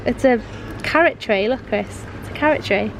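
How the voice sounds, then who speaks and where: A woman's voice: on the high side, moderate pace, background noise. A woman with a cold, chatting and rambling in a casual home vlog, sniffling and giggling as she loses her train of thought. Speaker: vlogger. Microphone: handheld compact camera.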